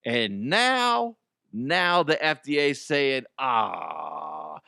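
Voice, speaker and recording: A man hosting a radio show, riffing on odd news stories in a loud, crude and profane way. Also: on the high side, very animated, takes it slowly, smooth, dry recording, studio quality. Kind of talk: crude comedic news talk.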